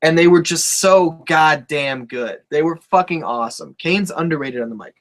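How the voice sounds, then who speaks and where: A young man holds court on a casual wrestling chat show. He talks in a laid-back, profane way and laughs often, with a voice pitched a little above the usual for a man. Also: normal speed. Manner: laid-back, swears freely, laughs a lot. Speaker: co-host of a wrestling talk show.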